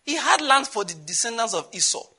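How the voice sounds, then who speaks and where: A male preacher delivering a sermon, moving between loud exclamations and quiet asides. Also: extremely high pitch, very animated, fairly quick, breathy edge.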